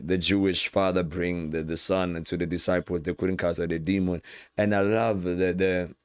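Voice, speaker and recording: A man's voice: low voice, no room sound, studio quality. A man preaching an informal sermon, retelling Bible scenes with acted-out quotes and frequent word repeats. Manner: animated, acts out Bible scenes with quoted voices, repeats words.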